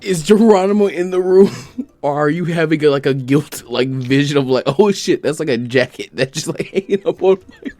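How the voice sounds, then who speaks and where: A man's voice: fairly high pitch, brisk, a little mellow, no room sound. A man running a tabletop game over an online voice call, who keeps breaking into giggly laughter. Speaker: game master. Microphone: desk mic on an online voice call.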